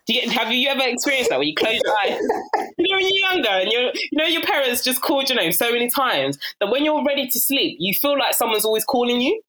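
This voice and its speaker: Lively South London woman. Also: on the high side, fast. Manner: animated storyteller who acts out voices, laughs often. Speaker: guest. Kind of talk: casual interview chat.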